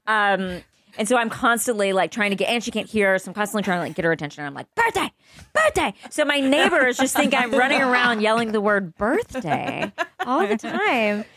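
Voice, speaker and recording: A woman's voice: fairly high pitch, expressive, brisk, a bit bright, no echo, studio quality. A woman guest on a podcast chatting casually, rambling with lots of fillers and frequent laughs. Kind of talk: casual chat.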